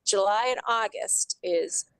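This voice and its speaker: A woman co-hosts a local radio talk show, joining over a video call. She chats in an upbeat, informative way in a middle-pitched voice. The sound is dry and close. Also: takes it slowly, smooth, dry recording, poor audio. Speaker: radio co-host. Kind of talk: casual radio chat.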